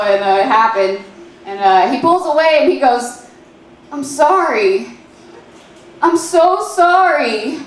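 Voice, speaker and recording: A woman in her twenties performing a stand-up set, her voice a touch high. She talks in a halting deadpan, full of fillers and restarts, and the sound rings out in a very echoey club room. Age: 20s. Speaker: stand-up comedian. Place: comedy club stage.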